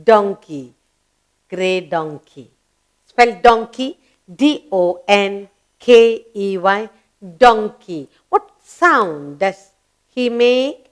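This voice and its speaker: Slow-spoken woman teacher. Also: mid-range voice, lively intonation. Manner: asks and answers own questions, spells words letter by letter; emphatic, coaxing classroom delivery. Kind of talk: children's grammar lesson.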